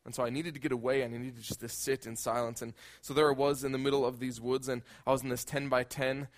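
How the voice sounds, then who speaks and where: A man's voice: medium pitch, little pitch movement, fast. A male pastor preaching a conversational sermon, often repeating words as he builds a point.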